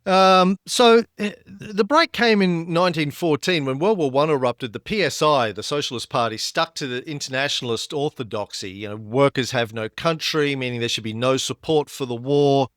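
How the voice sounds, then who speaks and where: A man's voice: medium pitch, normal speed, few pauses, fairly bright tone, no room sound, studio quality. A man co-hosting a history podcast, explaining events with frequent fillers and restarts. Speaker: podcast co-host.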